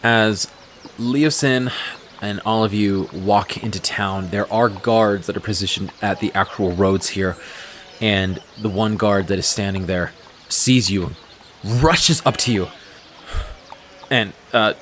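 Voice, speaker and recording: Low-voiced male game master narrating. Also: a bit bright, slight background noise. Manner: descriptive, unhurried narration with fillers.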